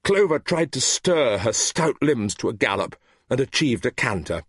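A man narrating a story in a measured, expressive reading voice, recorded close to the mic. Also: mid-range voice, husky, no echo. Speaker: audiobook narrator.

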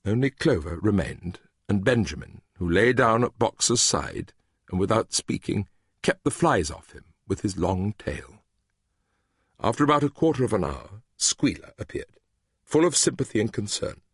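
Husky-voiced man reading a story. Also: fairly low pitch, dry recording, clean studio sound. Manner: expressive, measured narration. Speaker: audiobook narrator.

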